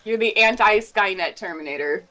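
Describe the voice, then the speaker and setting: Woman co-host, game developer, upbeat casual chatter with a bright, forward tone. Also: medium pitch. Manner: upbeat and chatty, quick to laugh. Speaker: game developer co-hosting a gameplay stream. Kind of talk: casual chat over gameplay.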